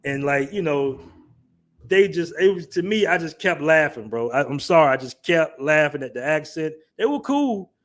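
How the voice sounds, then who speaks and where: A man's voice: a little high, expressive, moderate pace. A man hosting a casual livestream, reading chat comments aloud and laughing through his commentary. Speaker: livestream host.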